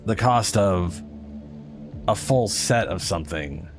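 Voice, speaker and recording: Over music, a man with a low, expressive voice streams a game at a slow pace. His casual commentary is profane and ranting, and he often corrects himself.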